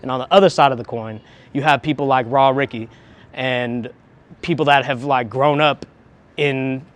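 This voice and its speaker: A man's voice: mid-range voice, fairly even intonation, moderate pace. A man talking candidly in an interview, frank and profane, reflective, often restarting his sentences. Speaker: interviewee, harm reduction worker.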